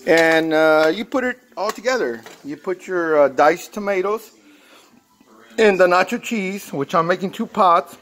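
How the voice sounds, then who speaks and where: A man's voice: high-pitched, a little slow, a bit bright. A man from Texas with a Texan accent, casually talking through a recipe at his workplace in a rambling, folksy way full of fillers. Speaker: mechanic shop worker sharing a recipe. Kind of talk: casual how-to vlog.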